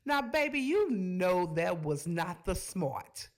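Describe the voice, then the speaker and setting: A woman hosting a reaction video, giving sassy, animated commentary straight to her viewers. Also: lowish voice, takes it slowly.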